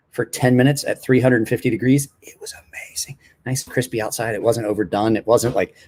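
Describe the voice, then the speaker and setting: A man's voice: fairly low pitch, a little mellow. A man in his forties chatting casually on a late-night live stream, telling rambling stories with a self-deprecating streak.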